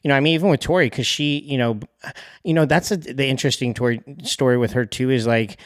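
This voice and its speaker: Young guy podcast host, average pitch, talks loose and candid with lots of ums. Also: fast talker, no room sound, clean studio sound. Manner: rambling, candid, many fillers. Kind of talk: casual conversation.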